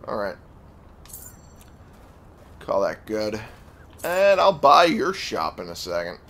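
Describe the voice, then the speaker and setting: A man casually commenting while playing a video game, chatty and jokey. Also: slow. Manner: chatty, jokey, animated pitch jumps. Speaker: gaming video host. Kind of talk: casual let's-play commentary.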